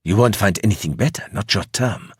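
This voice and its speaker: A man's voice: fairly low pitch, brisk, slightly rough, dry recording, clean studio sound. A man doing an earnest investor. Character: earnest African investor in robes.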